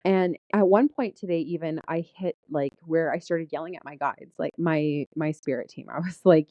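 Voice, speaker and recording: A woman's voice: low-pitched, moderate pace, hardly any pauses, dry recording. A middle-aged woman venting about her day in a candid personal vlog, frank and swearing, laughing often. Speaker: vlogger. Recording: dull lo-fi sound.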